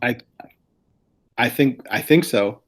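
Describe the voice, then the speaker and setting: A man's voice: medium pitch, slow pace. A man who works as a school district administrator, explaining plans to a planning group in an earnest, explanatory way over a video call.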